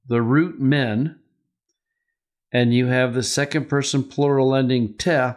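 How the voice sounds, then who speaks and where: A man teaching a verse-by-verse Greek grammar lesson, methodical and asking rhetorical questions as he explains. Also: medium pitch.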